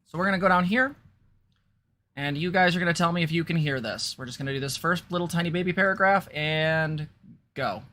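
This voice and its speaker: A woman's voice: on the low side, a little fast, a bit bright, a little hiss or hum. A woman co-host talking casually in a chatty, conversational way. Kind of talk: casual commentary.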